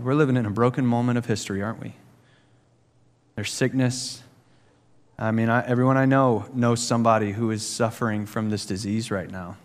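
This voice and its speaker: A man preaching a sermon as pastor, earnest and full of rhetorical questions, growing animated as he tells stories. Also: lowish voice. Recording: long hall reverb.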